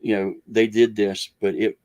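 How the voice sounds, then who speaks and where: A man's voice: on the low side, little pitch movement, normal speed, darkish tone. A man telling a long story as a guest in an interview, rambling with many restarts and acting out what others said. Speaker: guest researcher.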